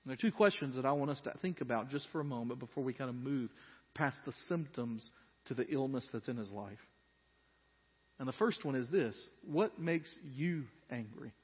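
A man's voice: mid-range voice, fairly quick, husky. A male pastor preaching a sermon in a church hall, dramatically acting out complaints and asking the room questions. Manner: animated, voicing Jonah's complaints dramatically. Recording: dull lo-fi sound with long hall reverb.

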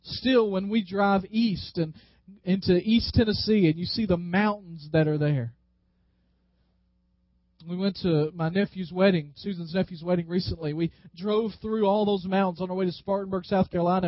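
A pastor with a high tenor delivers a sermon, slowing down and stretching his words to drive each point home. The sound is dry and a bit dull, like a modest church recording. He calls on the congregation to repeat lines back to him. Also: no echo. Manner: leads the congregation in call-and-response; slows down and stretches words for emphasis.

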